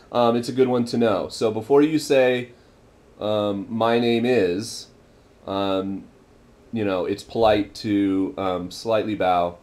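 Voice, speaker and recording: A man's voice: lowish voice, darkish tone. A young man in a casual vlog, explaining everyday phrases with many ums and repeating each phrase for practice. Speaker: vlogger teaching Japanese phrases.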